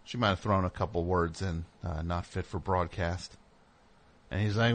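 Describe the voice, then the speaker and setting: A middle-aged man hosting a show, telling a casual story and acting out the people in it with sudden loud outbursts. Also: medium pitch, measured pace, long pauses. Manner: animated, acts out voices with loud outbursts. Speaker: host.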